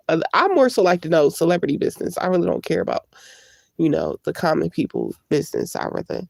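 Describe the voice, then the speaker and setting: On a casual livestream, a woman vlogger stuffed up from a cold greets her viewers and chats openly. Her voice is fairly low, gravelly and darkish in tone, and the audio carries no room sound.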